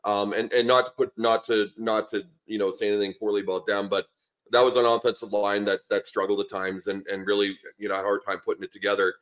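A man's voice: lowish voice, little pitch movement, fast talker, fairly bright tone. A middle-aged man from Canada, a former lineman and coach, chatting casually as a podcast guest and rambling through stories with lots of fillers and restarts. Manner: easygoing, rambling storyteller with many fillers and restarts.

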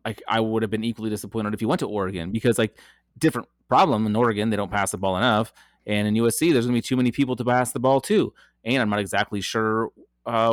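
A man's voice: fairly low pitch, no room sound, clean studio sound. A man co-hosting a casual sports podcast, chatty, laughing easily and using many fillers. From Colorado area. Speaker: podcast co-host.

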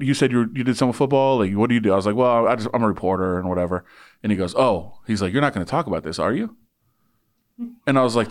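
A man who works as a sports reporter, telling a long story in casual chat and acting out the people in it. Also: medium pitch. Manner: animated, voices people in anecdotes.

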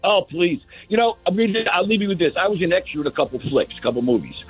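A man calling in to a talk radio show, rambling and halting with many fillers. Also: high-pitched, breathy edge, faint music behind. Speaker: caller. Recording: tinny phone line.

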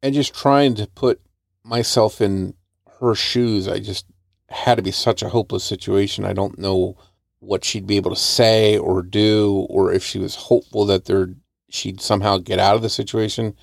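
Gravelly, low-voiced male podcast host. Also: steady tone, normal speed, no room sound, studio quality. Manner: reflective and grave, with small restarts. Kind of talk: true crime podcast discussion.

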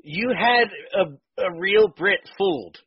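A man hosting a podcast interview, jokey and lively, chiming in with quick remarks. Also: high-pitched, highs cut off. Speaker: podcast host. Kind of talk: casual interview chat.

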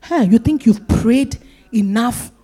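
A woman pastor preaching a sermon, lively and acting out the voices of a crowd. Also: on the high side, slow, breathy edge.

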